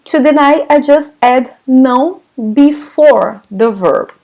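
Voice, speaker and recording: A woman's voice: high voice, slow pace, a little mellow. A Brazilian woman with a Brazilian Portuguese accent, teaching her native language in English during a live online class, patiently explaining and answering chat questions.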